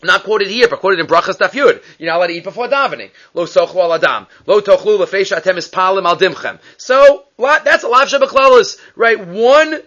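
A man teaches a Talmud study lesson in a high, bright-pitched voice. He moves quickly from question to answer and weaves Hebrew and Aramaic terms into his English. The recording sounds dull and lo-fi. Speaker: Torah teacher.

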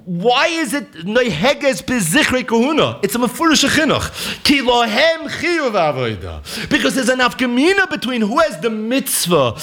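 A man gives a lively Talmudic lecture in a fairly high voice that swoops up and down. He poses questions and answers them himself, repeats key points and slips into a sing-song chant when quoting sources. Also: moderate pace. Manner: asks and answers his own questions, repeats points for emphasis. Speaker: Torah teacher.

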